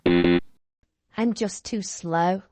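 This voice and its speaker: A woman's voice: on the low side, huge pitch swings, drawn-out words, a little mellow. A woman chatting playfully and enthusiastically as a quiz contestant on a podcast. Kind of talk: casual chat.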